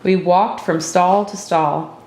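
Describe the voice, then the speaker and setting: A woman reads a first-person story aloud in a steady, reflective way. Her voice sits on the low side for a woman, and a roomy echo hangs around it. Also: takes it slowly. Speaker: narrator. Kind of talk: storybook reading.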